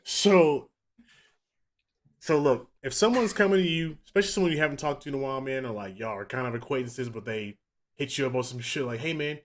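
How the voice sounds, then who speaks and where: A young man co-hosting a podcast, telling animated, profane stories in casual chat. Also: mid-range voice. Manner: profane, fast, animated storytelling. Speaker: podcast co-host.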